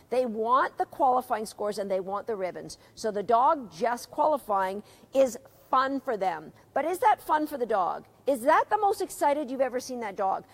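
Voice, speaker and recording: A middle-aged woman teaching a live dog agility seminar, chatty, asking her students questions and reading out their comments. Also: on the high side.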